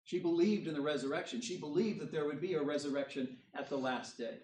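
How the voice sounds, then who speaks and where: A man's voice: a little high, quick pace, darkish tone. Preaching man in an echoey hall. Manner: reads scripture aloud then explains it, rising emphasis on key points. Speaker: pastor. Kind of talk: sermon. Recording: roomy echo, voice from far off the mic.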